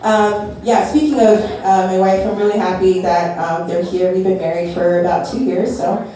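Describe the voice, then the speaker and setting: A woman's voice: medium pitch, steady tone, normal speed, mellow. Nervous young woman doing standup, laughs between bits, sounds far from the mic in a big echoey room. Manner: nervous, self-deprecating, laughing between jokes. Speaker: stand-up comedian. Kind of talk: stand-up set. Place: comedy venue with a live audience.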